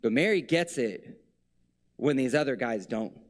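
Animated, conversational male preacher. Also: mid-range voice, measured pace. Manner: conversational, reflective, with playful asides. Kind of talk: sermon.

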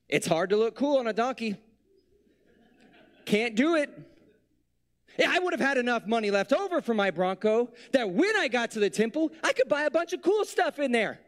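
A man doing a shrill, petulant Jesus in a tantrum. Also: fairly bright tone, full character voice. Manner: shrill, exasperated ranting. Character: petulant, whiny adult male Jesus throwing a tantrum.

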